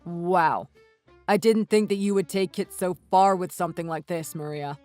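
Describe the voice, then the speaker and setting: A man's voice: high-pitched, moderate pace, darkish tone, clear, resonant tone, faint music behind, lightly acted. A man voicing a defensive husband in a text-message story, speaking stiffly and scoldingly. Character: defensive husband and brother-in-law.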